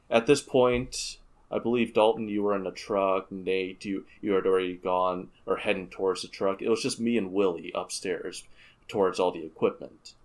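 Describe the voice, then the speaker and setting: Man with a lowish voice, rambling. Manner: rambling storyteller with many restarts. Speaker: podcast guest. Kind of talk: casual gaming podcast chat.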